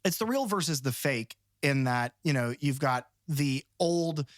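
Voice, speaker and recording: A man co-hosting a podcast, talking about movies in an animated, rambling, enthusiastic way. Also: on the high side, measured pace, dry recording, clean studio sound. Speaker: podcast co-host. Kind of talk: casual film discussion.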